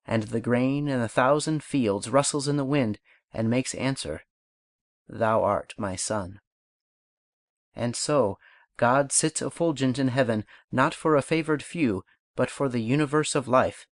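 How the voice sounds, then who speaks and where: A man narrates an audiobook in a mid-range voice, reciting poems and speaking lessons at a measured, deliberate pace. The recording is close and dry, with no room sound around him. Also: mid-range voice, no room sound. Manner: measured, unhurried recitation of verse and instruction. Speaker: audiobook reader.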